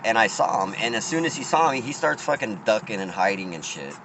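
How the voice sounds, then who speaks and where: Man, low-pitched, profane rambling storytelling, frequent restarts, outdoors by traffic, noisy street background. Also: sing-song, brisk. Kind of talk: casual storytelling rant.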